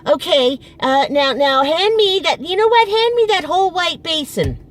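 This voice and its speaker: A woman's voice: extremely high pitch, expressive, normal speed, pitched above the performer's own voice. Woman putting on a whiny bossy old mother. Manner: bossy, self-pitying, whiny. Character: petulant demanding mother of 95 in a wheelchair.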